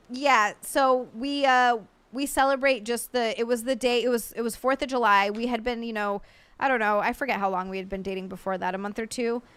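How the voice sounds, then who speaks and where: A woman's voice: on the high side, fairly bright tone, clear, resonant tone, dry recording. An American woman livestreaming, chatting casually and rambling, reading out viewer messages and swearing now and then. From United States. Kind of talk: casual live-stream chat.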